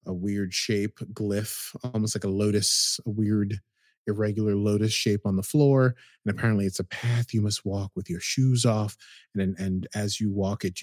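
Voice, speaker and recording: A man's voice: on the low side, no echo. Dry, chatty man recapping a show. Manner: animated storytelling, slips into quick quoted voices. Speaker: podcast co-host recapping a TV episode. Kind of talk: casual recap chat.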